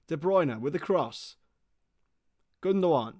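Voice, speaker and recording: A young man giving excitable live football play-by-play on a stream, his voice starting to go hoarse, greeting viewers between plays. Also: medium pitch, moderate pace, no room sound, studio quality. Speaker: football watchalong host.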